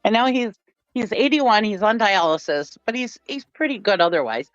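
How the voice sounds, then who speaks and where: A woman's voice: mid-range voice, expressive, moderate pace, no room sound. Chatty woman telling stories, dry dull sound. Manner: chatty storyteller, laughs often. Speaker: host. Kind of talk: casual livestream chat.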